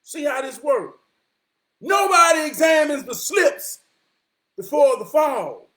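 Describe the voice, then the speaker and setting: Very high-voiced man preaching real talk. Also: big pitch swings. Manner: emphatic, profane, often raises voice to a shout; repeats key lines slowly for weight. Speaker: motivational vlogger. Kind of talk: preachy motivational monologue.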